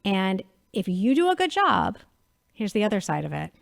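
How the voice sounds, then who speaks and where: A woman in her thirties, a media company president chatting as an interview guest, telling lively stories and acting out quotes. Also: mid-range voice, normal speed, gravelly. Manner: animated storyteller, acts out quotes. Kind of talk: casual interview chat.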